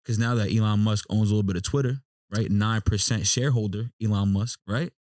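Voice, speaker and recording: A man's voice: fairly low pitch, steady tone, brisk, a little mellow, no echo, clean studio sound. A man co-hosting a podcast, talking in a loose, slangy, laid-back way full of asides. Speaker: podcast co-host. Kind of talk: casual chat.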